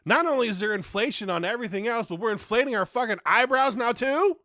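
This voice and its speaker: A man hosts his own podcast and works through a profane, exasperated comedic rant. His voice sits high and bright, and it leaps up and down as he rails. The sound is close and dry, with no room echo. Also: fast talker. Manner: heavy swearing, exasperated and animated. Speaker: podcast host.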